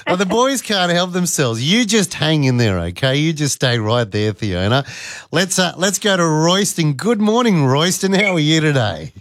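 A man's voice: on the high side, very animated, normal speed, a bit bright, no room sound, clean studio sound. A man hosting talkback radio, chatting with callers in a cheeky, jokey way. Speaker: radio host. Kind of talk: casual talkback radio chat.

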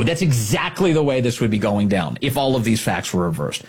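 A man's voice: medium pitch, very animated, fairly quick, hardly any pauses, a little mellow, husky. A man hosting a political commentary show, ranting in a sarcastic, heated manner. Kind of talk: opinion show monologue.

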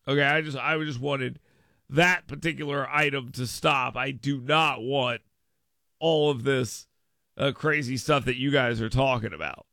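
A man hosting talk radio from a studio, his voice bright and gravelly. He talks in an animated way, switching into higher mocking voices to quote people. The sound is dry and close to the mic. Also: a little slow, no echo. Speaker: radio talk show host. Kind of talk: political talk radio monologue.

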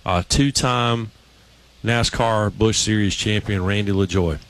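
A man talks casually on a radio show, telling a story with lots of restarts and fillers. His voice sits a little low, loose and conversational. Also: measured pace, a bit bright. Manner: rambling, storytelling with many restarts.

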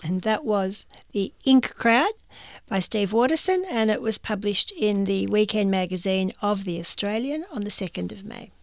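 A woman's voice: medium pitch, expressive, moderate pace, dry recording. A woman reading a first-person magazine column aloud with a dry, wry storytelling delivery.

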